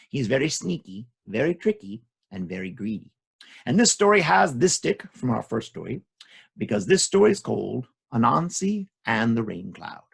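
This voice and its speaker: A man telling folktales to children in a lively, animated way, adding sound effects. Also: mid-range voice, vocal fry, husky. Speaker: storyteller.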